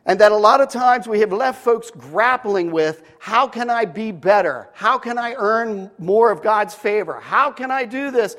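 Preacher, male, fairly high voice, earnest and emphatic sermon delivery with stories. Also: expressive, measured pace, few pauses, a bit bright.

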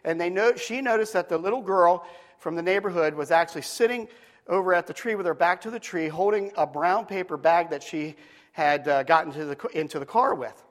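Storytelling preacher in a reverberant church. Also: male voice, high voice. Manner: conversational, drawn-out emphasis on key phrases. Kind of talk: storytelling sermon. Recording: long hall reverb.

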